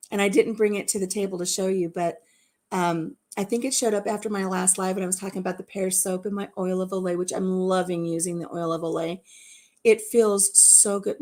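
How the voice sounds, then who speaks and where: A woman in her fifties hosting a live chat and telling stories in a warm, chatty way, laughing at herself. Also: medium pitch. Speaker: host.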